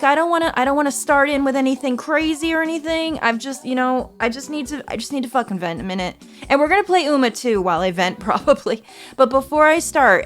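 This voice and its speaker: A woman livestreamer in casual stream chat, rambling and anxious, poking fun at herself. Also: high-pitched. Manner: rambling, anxious, self-deprecating. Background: faint background music.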